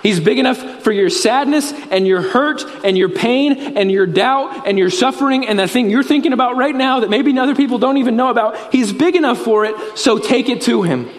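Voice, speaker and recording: High-voiced male pastor preaching. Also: moderate pace, hardly any pauses, long reverb tail. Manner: earnest storytelling, quoting scripture. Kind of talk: sermon.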